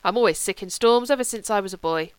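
A woman's voice: medium pitch, fast talker, clean tone, no echo, close to an everyday voice. A woman doing a bluff, genial ship's purser. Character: hearty middle-aged ship's purser.

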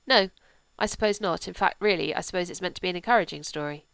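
A woman voicing a gracious aristocratic older lady with a gentle, sweetly ironic manner. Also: lowish voice, fast, creaky, clear, resonant tone, dry recording, poor audio.

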